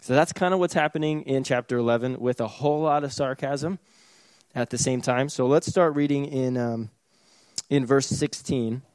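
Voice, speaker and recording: A man's voice: mid-range voice, moderate pace, a little mellow, dry recording. A man preaching a sermon in a casual, conversational way, with sarcastic asides and chuckles. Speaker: pastor.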